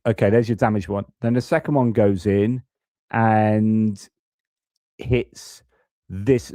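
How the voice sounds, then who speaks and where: A man's voice: mid-range voice, warm tone, no room sound, studio quality. A man hosting a live-stream news commentary, talking casually and thinking aloud as he goes through footage and reports. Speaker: host.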